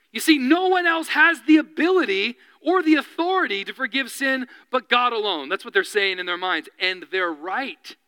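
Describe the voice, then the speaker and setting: Pastor guy preaching, really high bright voice, dry close sound, gets animated then goes quiet. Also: dry recording, low-quality recording. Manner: animated preaching with sudden drops to a hushed voice. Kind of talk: sermon.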